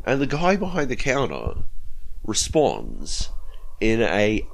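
An Australian man on a gaming podcast who talks in a fairly low voice with lots of swing in it. He rambles through his stories and swears freely along the way. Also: wildly swooping pitch, slow, vocal fry. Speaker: podcast co-host. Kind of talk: casual chat.

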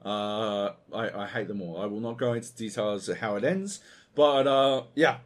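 A man's voice: on the low side, normal speed. A man co-hosting a video game podcast, ranting in a casual, profane and exasperated way. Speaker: podcast co-host.

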